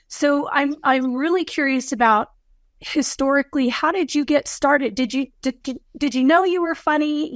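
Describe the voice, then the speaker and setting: A woman with a high voice asks a guest questions on a talk show. She sounds eager and halting, starting her questions over more than once. The recording is dry and close. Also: dry recording. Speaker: audience member asking a question.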